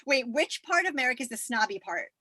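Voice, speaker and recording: A woman guest from Florida telling wry, animated stories while recording from a closet at home. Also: high voice, a little fast. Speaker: podcast guest. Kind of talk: casual chat.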